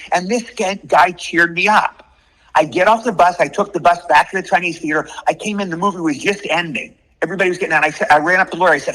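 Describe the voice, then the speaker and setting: A man in his sixties rattles through his stories at a fast clip, circling back and repeating himself. His voice sits a little high, bright and husky. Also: poor audio. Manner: animated, repetitive storytelling. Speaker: guest actor. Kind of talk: storytelling in an interview.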